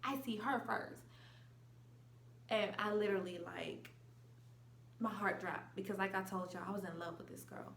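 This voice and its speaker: A young adult woman telling a storytime vlog in a casual, slangy and animated way. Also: mid-range voice, normal speed, vocal fry, long pauses, roomy sound, a little hiss or hum. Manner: animated, slangy, acts out quotes. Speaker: vlogger.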